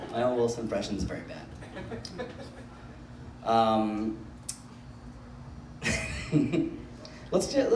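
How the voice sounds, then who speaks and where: A man's voice: medium pitch, a little hiss or hum. A man hosting a stand-up comedy show, self-deprecating and laughing between lines, recorded in a club. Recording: echoey club from a distance, audience.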